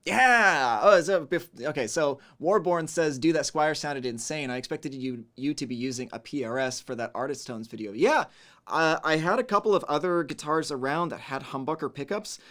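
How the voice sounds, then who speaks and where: A man hosting a casual livestream, greeting viewers and reading chat messages aloud, relaxed and chatty, humming to himself between messages. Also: a little high, moderate pace.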